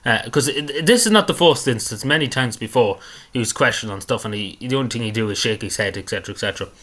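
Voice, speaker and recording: A man talks quickly and with some force in a bright tone. He rambles through an indignant commentary on a clip and keeps circling back to the same points. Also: mid-range voice, lively intonation. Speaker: political commentator. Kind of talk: casual commentary on a video clip.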